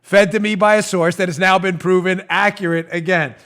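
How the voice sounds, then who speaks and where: A man in his forties hosting a political talk show, mocking and animated, often breaking into laughter. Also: high voice, brisk, smooth. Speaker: host.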